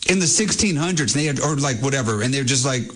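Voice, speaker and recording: A man's voice: mid-range voice, animated, quick pace, a bit bright. A man co-hosting a radio show, rambling impatiently with lots of "like". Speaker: radio co-host. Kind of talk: casual studio banter.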